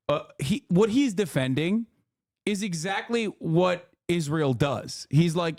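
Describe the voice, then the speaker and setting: A man's voice: on the high side, takes it slowly, a little mellow, no room sound, studio quality. A man in his thirties giving casual, profane and sarcastic commentary as a stream host.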